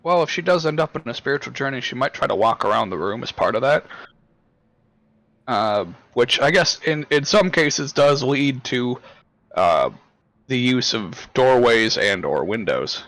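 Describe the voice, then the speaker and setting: Wry male game master, lively pitch. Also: moderate pace, no echo. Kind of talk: narrating a tabletop game.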